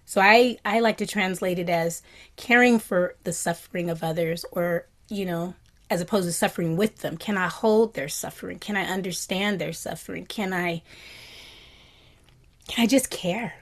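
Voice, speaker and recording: A woman meditation teacher giving a dharma talk in a gentle, reflective way. She often drops to a soft whisper and has animated bursts of delight. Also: fairly low pitch, moderate pace.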